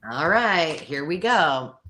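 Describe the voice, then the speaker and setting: Very low-voiced woman hosting a live sale. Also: lively intonation, slow pace, fairly bright tone, slight background noise. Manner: chatty, self-deprecating, rambling with restarts. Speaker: co-host of a live craft supply sale. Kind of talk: casual live-stream chat.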